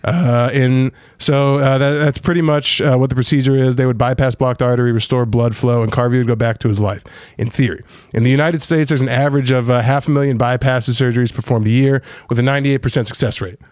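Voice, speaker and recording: A man's voice: medium pitch, steady tone, brisk, a little mellow, smooth, no echo, studio quality. A man co-hosting a podcast, rambling through crude casual banter and laughing often. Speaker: podcast co-host.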